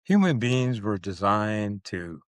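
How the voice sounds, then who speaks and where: A man with a low voice co-hosts a relaxed podcast chat. He is playful and animated and stretches out words to stress them. The sound is close and dry. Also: no echo. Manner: animated, playful, drawn-out emphasis. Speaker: podcast co-host. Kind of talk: casual chat.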